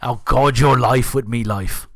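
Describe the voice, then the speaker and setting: A man's voice: mid-range voice, steady tone, a little slow, dry recording, studio quality. A man voicing a scruffy, beaten-up male bandit leader who wheedles and keeps saying "me lord" in a tabletop game. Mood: fawning. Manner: says "me lord" and "me lads", wheedling.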